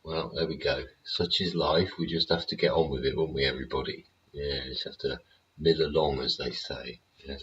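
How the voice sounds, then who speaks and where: A man's voice: extremely low pitch, steady tone, moderate pace, fairly bright tone, a little hiss or hum. A man hosting his show in a casual, rambling rant, swearing freely and tossing in tag questions. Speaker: show host. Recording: dull lo-fi recording.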